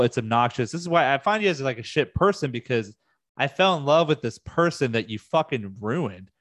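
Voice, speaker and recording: A man's voice: mid-range voice, no room sound, clean studio sound. A man ranting on a vlog as a music fan, heated and profane, his voice jumping up in sudden outbursts. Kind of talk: casual rant.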